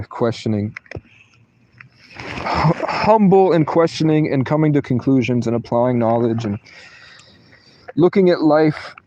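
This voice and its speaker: Man, profane livestream ranting, rambling, phone mic, everyday pitch. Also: mellow, highs cut off, slight background noise. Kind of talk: rambling live-stream chatter. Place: grocery store.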